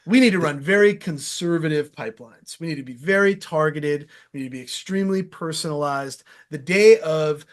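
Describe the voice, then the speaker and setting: Upbeat guy chatting about his work, a bit high pitched, loose and slangy, lots of energy. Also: moderate pace, few pauses. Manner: energetic, animated storytelling with laughs; casual, slangy and candid. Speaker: sales podcast host as guest. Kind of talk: casual conversational interview.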